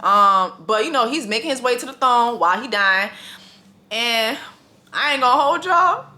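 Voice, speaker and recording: A woman rants through a comedic TV recap, her voice high and bright. She swears freely, laughs often and acts out the characters in quick bursts. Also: lively intonation. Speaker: recapping a TV episode.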